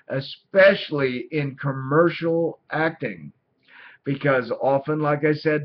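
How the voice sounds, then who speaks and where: A middle-aged man teaching as an acting coach, talking casually and deliberately, repeating himself to drive a point home. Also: fairly high pitch. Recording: dull lo-fi sound.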